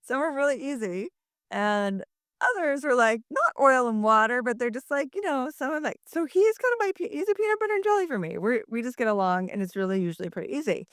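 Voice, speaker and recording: A woman's voice: high-pitched, very animated, fairly quick, fairly bright tone, dry recording. Woman, middle-aged, podcast co-host, casual chatty storytelling, filler words, dry close sound. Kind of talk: casual chat.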